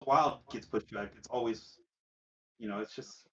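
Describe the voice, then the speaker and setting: A man's voice: mid-range voice, unhurried, dull audio. A man co-hosting a casual gaming podcast, chiming in with short remarks and agreement. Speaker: podcast co-host.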